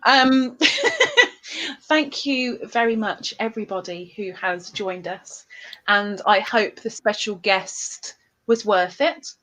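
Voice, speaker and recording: A woman's voice: mid-range voice, sing-song, slow, bright, forceful tone. A woman hosting a casual livestream chat, giggly and chatty, often laughing. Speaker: livestream host.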